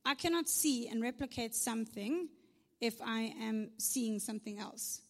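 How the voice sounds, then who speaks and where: A woman's voice: fairly high pitch, a little slow, big-room sound. A woman preaching a conversational sermon with humorous asides, often checking in with "right?". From South Africa.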